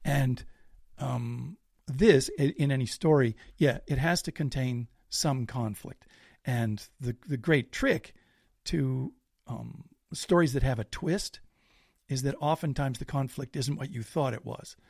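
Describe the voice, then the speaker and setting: A man guesting on a podcast, spinning a self-deprecating anecdote with animated delivery. His voice has a gravelly texture. The sound is dry and close to the mic. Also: mid-range voice, measured pace, no room sound. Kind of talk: casual storytelling.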